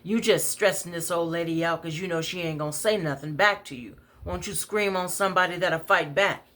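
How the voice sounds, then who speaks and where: A woman voicing a bold, protective woman in her forties who talks back loudly and curses. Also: sits low, natural voice. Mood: fierce. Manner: loud, brash, cursing, fast.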